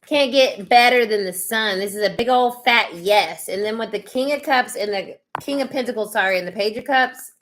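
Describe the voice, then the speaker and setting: A woman's voice: medium pitch, moderate pace, few pauses, fairly bright tone. A woman giving casual tarot readings on a live stream, chatty and effusive, with lots of fillers. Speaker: tarot reader hosting live sessions.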